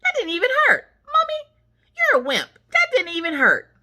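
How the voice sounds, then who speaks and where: A woman voicing a fearless, cheeky little girl with a high, squealy voice. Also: wildly swooping pitch, moderate pace, pushed and bright, full character voice. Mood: thrilled.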